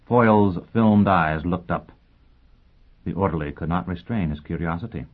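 A man narrating an audiobook in a measured, dramatic reading. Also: low-pitched. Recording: tinny phone-like sound.

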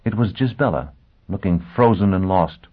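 A man narrating a story in a measured, dramatic way. His voice sits fairly low. The sound is thin and tinny, like a phone line. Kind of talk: audiobook narration.

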